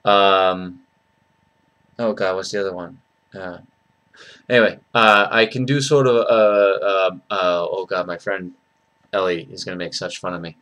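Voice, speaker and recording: A man talking casually in a vlog, rambling and hesitant with many pauses. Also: sits low, a bit bright, smooth. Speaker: vlogger.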